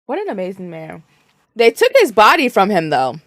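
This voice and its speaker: A woman's voice: mid-range voice, huge pitch swings, moderate pace, fairly bright tone, no room sound, clean studio sound. A woman co-hosting a wrestling podcast, talking loosely and profanely with lots of filler ums. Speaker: podcast co-host. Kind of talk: casual wrestling chat.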